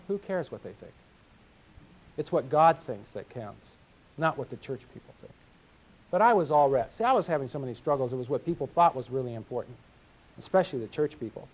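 An earnest middle-aged man delivers a sermon in a confessional way. His voice sits a bit high, and he often stumbles and repeats words. The recording is dull and lo-fi. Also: darkish tone. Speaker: preacher.

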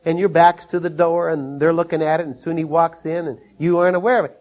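An older man from Minnesota gives a sermon in a folksy, storytelling way. His voice sits a little high. He chuckles often and jumps his voice up to act out the scenes he describes. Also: fast, darkish tone, a faint crowd. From Minnesota, USA. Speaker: preacher.

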